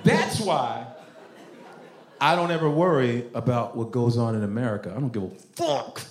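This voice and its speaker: Animated man doing stand-up in a club. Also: mid-range voice, normal speed. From Nigeria. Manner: animated, profane, laughing through lines. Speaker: stand-up comedian. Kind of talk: stand-up comedy. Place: comedy club stage. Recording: roomy club with crowd ambience.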